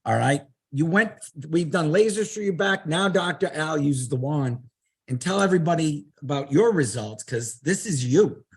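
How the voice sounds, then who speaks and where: Excitable guy hosting a webinar, high voice that bounces all over, a bit husky. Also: normal speed. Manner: excited, animated, stumbles over his words. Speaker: webinar host. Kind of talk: enthusiastic webinar chat.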